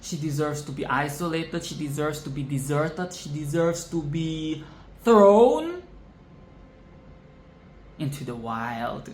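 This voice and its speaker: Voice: medium pitch, fairly even intonation, moderate pace, few pauses. Profane ranting film vlogger, echoey room. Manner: repeats phrases for emphasis. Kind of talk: casual film commentary rant. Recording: echoey room with faint background noise.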